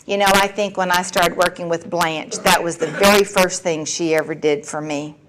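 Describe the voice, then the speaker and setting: A woman's voice: fairly low pitch, fairly even intonation, normal speed, noisy background. A woman, giving a candid personal recovery share with a wry, storytelling manner. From Texas. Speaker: recovery meeting speaker.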